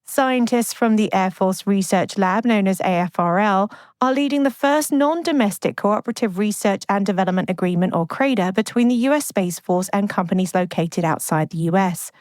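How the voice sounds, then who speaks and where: A woman co-hosting a space news podcast, reading scripted news in a steady, even delivery. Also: medium pitch, normal speed, few pauses, no room sound. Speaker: podcast co-host.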